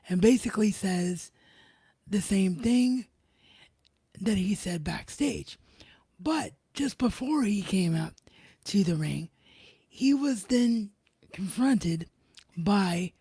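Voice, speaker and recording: Mellow, husky-voiced male recap host. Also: high voice, no echo. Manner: excited storytelling, paraphrasing others in their own words. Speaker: podcast host. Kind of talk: solo recap show.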